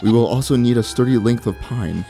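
A man voicing a cryptic, sly old female witch in game dialogue, speaking in a hushed, measured, teasing way. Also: mid-range voice, vocal fry, faint music behind, lightly acted. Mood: matter-of-fact.

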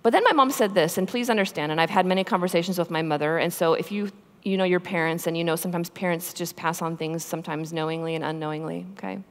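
A Catholic religious sister giving a personal testimony talk to a live conference audience, speaking in an earnest, conversational way that grows emphatic on heartfelt points. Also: female voice, fairly low pitch, steady tone, fast, few pauses. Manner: earnest, conversational storytelling with frequent "right?" and "you know". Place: large conference hall. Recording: echoey hall sound.

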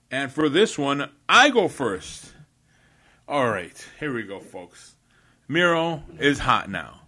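A man's voice: medium pitch, bright, forceful tone. A man hosting a casual wrestling predictions podcast, upbeat as he runs through the matchups. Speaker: podcast host.

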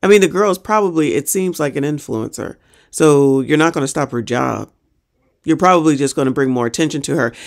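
A woman's voice: low voice, creaky. A woman hosting a reaction show, ranting in a sassy, exasperated way with mild profanity. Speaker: reaction channel host. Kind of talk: reaction commentary.

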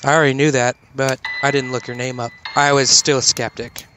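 A young man from Kansas tells a spooky campfire story in a loose, casual way. He swears freely and laughs now and then, in a voice of middling pitch. A steady hiss of background noise sits under the recording. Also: brisk. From Kansas, United States. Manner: swears often, laughs while telling, quotes others in his own voice.

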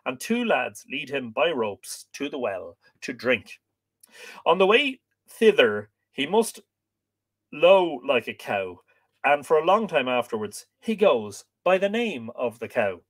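A man hosts a live stream, reading an old scholarly book aloud at an unhurried pace. His pitch rises and falls in a lively way, and he often breaks off to greet viewers and joke. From Ireland.

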